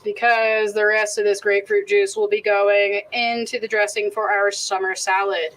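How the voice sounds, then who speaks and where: A woman's voice: mid-range voice, flat delivery, moderate pace, fairly bright tone, low-quality recording. A woman chef hosting a casual outdoor cooking demonstration, chatty and profane, prone to rambling rants. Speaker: cooking show host and chef. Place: outdoors behind a stadium.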